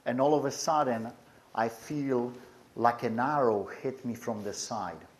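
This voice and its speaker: Man, personal testimony, earnest, intense, repeats himself, mid pitch. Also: measured pace.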